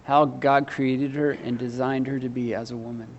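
A man's voice: mid-range voice, level tone, moderate pace, highs cut off, a little hiss or hum. A man preaching a sermon, earnestly putting questions to his congregation with some self-deprecating humor. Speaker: pastor.

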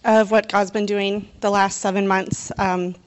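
A woman's voice: mid-range voice, flat delivery, unhurried. A nervous woman speaks in church, near tears, talking freely without notes. Her testimony is casual and full of small fillers. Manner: talkative and unscripted, with fillers. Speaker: church member giving a testimony.

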